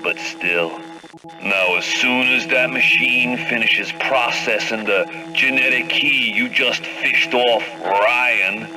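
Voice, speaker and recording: An actor playing a scheming male gangster boss and con man in a video game, speaking in a slow, menacing, mocking way. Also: medium pitch, close to an everyday voice, low-quality recording. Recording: game audio with loud music.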